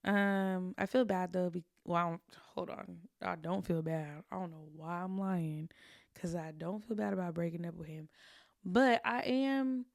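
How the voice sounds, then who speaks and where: A woman's voice: on the low side, steady tone, unhurried, vocal fry, dry recording, clean studio sound. A young adult woman hosting a podcast, telling stories about her own past in a candid, confessional way with casual slang. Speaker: podcast host.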